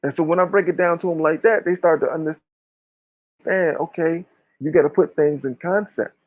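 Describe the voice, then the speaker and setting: A man's voice: fairly high pitch, normal speed, no room sound. Fiery, preachy man, dull recording. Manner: emphatic, preachy, profane, uses slang. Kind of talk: impassioned casual talk.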